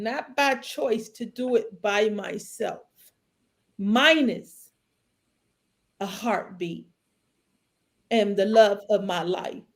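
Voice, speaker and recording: A middle-aged woman co-hosting a podcast, sharing a painful personal story in a halting, tearful way and sounding choked up. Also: on the high side. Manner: halting and tearful, speaking slowly with long pauses. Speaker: podcast co-host. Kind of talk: emotional personal testimony.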